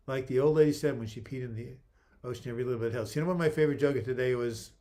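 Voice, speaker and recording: A man's voice: mid-range voice, fast talker, dark tone. An older man hosting a casual livestream, reading viewer comments aloud and answering them in a chatty, joking way with frequent restarts. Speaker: livestream host.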